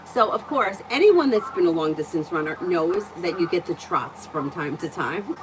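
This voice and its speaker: A woman's voice: lowish voice, lively intonation, normal speed, noisy background. A woman livestreaming as a tarot reader, telling stories in a chatty way, laughing often and swearing freely. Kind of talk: casual storytelling and tarot reading.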